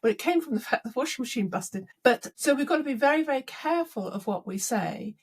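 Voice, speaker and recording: A woman's voice: high-pitched, fast talker, breathy edge. A middle-aged woman leadership coach in a podcast interview, telling stories and acting out both sides of conversations. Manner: animated storytelling, acts out dialogue.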